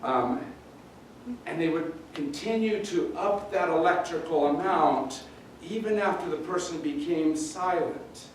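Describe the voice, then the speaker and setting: A pastor preaching a sermon in a conversational, halting way, often repeating words. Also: male voice, fairly high pitch, slight background noise. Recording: roomy echo, distant mic, faint ambience.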